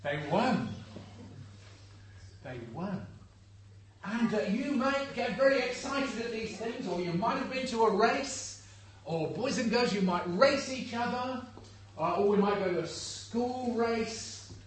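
A man's voice: extremely high pitch, unhurried. An older man preaching a sermon in church. He talks to the congregation directly, in an earnest, conversational way. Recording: echoey room, distant mic, faint background hum.

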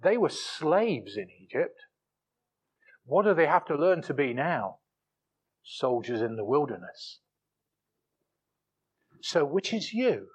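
Male preacher, higher-toned, emphatic sermon delivery with repeated words. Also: big pitch swings, slow, pauses often, breathy edge. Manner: emphatic preaching, rising to forceful peaks and dropping low for asides; repeats words and restarts phrases.

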